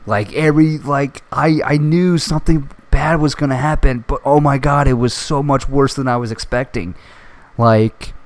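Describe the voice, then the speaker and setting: A man hosting a casual solo podcast, reviewing a TV show in an excitable way, swearing often and full of fillers. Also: medium pitch, normal speed. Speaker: podcast host.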